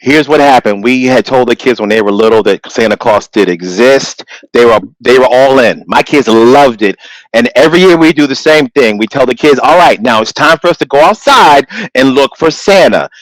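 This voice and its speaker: A man's voice: medium pitch, moderate pace, no room sound, rough recording. A man, a comedian co-host, telling a family story on a comedy radio show and acting out the voices in it. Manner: lively storyteller, acts out voices. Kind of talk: casual comedy radio chat.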